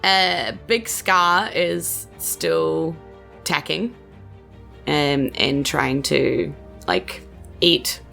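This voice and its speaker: A woman's voice: low-pitched, extremely slow, vocal fry, sharp tone, soft background music. A woman with a New Zealand accent narrating as game master in a tabletop game, chatty and giggly with many fillers.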